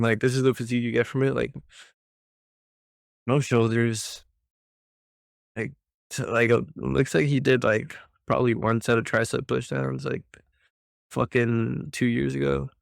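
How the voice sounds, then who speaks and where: A man's voice: mid-range voice, gravelly, no echo, studio quality. A young man ranting casually about a workout split, profane and exasperated, full of slang. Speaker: fitness vlogger.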